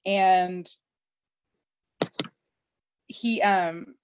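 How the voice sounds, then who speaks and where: A woman's voice: fairly low pitch, very slow, clean tone, no room sound. Chatty woman animatedly recapping a story. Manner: animated storytelling with many fillers and laughs. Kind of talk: casual episode recap. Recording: dull, slightly muffled dry audio.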